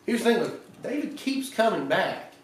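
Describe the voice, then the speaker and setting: A pastor with a Southern American accent preaching a conversational evening sermon, retelling scripture stories with little voices and many restarts. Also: male voice, high voice, big pitch swings, moderate pace, slight background noise. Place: church sanctuary. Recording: echoey church from far off.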